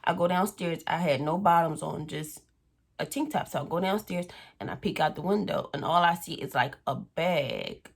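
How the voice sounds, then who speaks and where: A young woman telling a storytime on her vlog in a casual, animated way, acting out what people said. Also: deep voice, normal speed, vocal fry. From Philadelphia area. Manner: animated, acts out quoted voices, swears freely. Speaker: vlogger.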